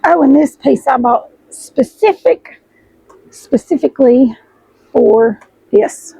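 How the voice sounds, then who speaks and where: A middle-aged woman chats warmly to her viewers, gushing as she unboxes fabric. Her voice is high and husky, hoarse and froggy as if she is about to lose it. The sound is close and dry. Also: animated, slow pace, no echo, rough recording. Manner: chatty, gushing, addresses viewers as y'all. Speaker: sewing vlogger host. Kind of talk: casual chat while unboxing fabric.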